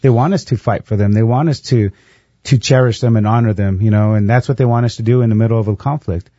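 A man's voice: fairly low pitch, fast talker, mellow, dry recording, highs cut off. A man co-hosting a faith-based radio show, speaking casually and encouragingly. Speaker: radio co-host. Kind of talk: faith-based call-in talk.

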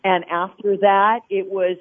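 A woman's voice: medium pitch, level tone, unhurried. Woman, radio guest, emotional storytelling, acts out voices, tinny phone-line sound. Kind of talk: personal testimony in a radio interview.

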